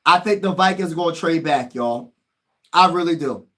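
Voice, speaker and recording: Livestream host, male, high-pitched voice, slangy and excitable; mutters low between loud outbursts. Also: normal speed. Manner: slangy, talks straight to chat. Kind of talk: casual live-stream reaction commentary.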